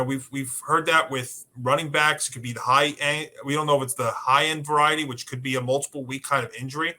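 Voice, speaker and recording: A man's voice: medium pitch, pushed and bright. A man co-hosting a sports podcast, casually breaking down injuries and betting picks with many fillers.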